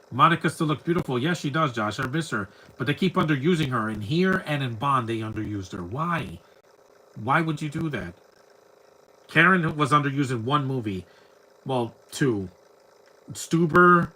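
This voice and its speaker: Talking back at a movie in rambling live commentary, this man is blunt and keeps tripping over repeated words. His medium-pitched voice is expressive, bright and forceful at a normal speed, and the recording quality is low. He is a film commentator.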